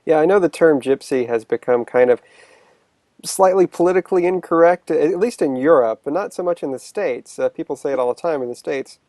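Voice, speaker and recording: A man co-hosting, talking in a relaxed, chatty way and laughing easily. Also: a little high, brisk, no room sound. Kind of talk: casual conversation.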